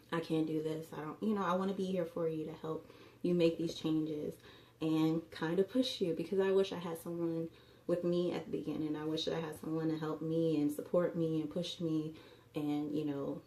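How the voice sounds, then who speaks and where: Woman vlogging health tips, kinda low mellow voice, lots of "you know", roomy echo. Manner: earnest, coaching, repeats "you know" often. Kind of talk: casual motivational talk to camera. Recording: echoey room sound.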